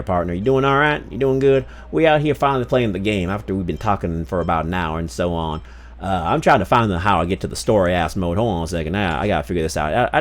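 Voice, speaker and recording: A man's voice: low voice, voice pushed down. A streamer putting on a Southern US drawl, playing a folksy, teasing male cowboy while he chats casually with his viewers. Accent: put-on Southern US drawl. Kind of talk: casual game-stream chat.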